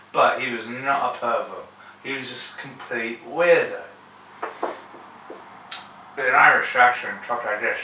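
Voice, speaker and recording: A man's voice: mid-range voice, sharp tone, heavy reverb. Man, sardonic digressive rant, distant mic, faint background hiss. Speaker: vlogger. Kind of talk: rambling monologue to camera.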